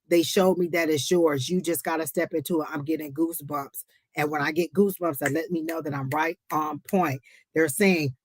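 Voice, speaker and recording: A woman's voice: deep voice, no room sound. Emphatic woman doing live psychic readings. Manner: emphatic, preachy, repeats phrases for effect; chatty asides, exclaims to the Lord. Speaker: psychic reader and livestream host.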